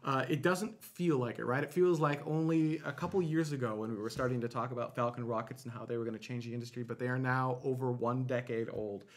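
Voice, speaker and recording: A man's voice: medium pitch, fairly even intonation, quick pace, few pauses. A man co-hosting a live online space show, chatting casually and explaining space news with plenty of fillers and restarts. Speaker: show co-host.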